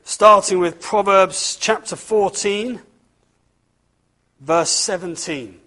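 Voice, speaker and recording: A man giving a children's talk, reading a storybook aloud and turning to the listeners with questions. His voice is high for a man and slightly husky. He speaks at an unhurried pace. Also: bright, forceful tone.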